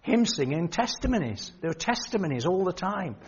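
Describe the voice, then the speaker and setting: An older man preaches and tells stories, voicing the people in them as he goes. His voice is a little high and husky. The recording sounds muffled and lo-fi. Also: sing-song, a little fast. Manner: storytelling, quoting others, rising emphasis. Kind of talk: sermon with anecdotes. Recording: dull lo-fi sermon recording.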